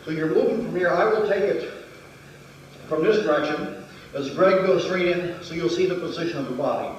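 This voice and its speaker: A man's voice: a little high, normal speed, highs cut off, a little hiss or hum. Man teaching in an echoey hall. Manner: methodical, counting out movements. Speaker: martial arts instructor. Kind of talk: demonstration lesson. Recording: very echoey hall, distant mic.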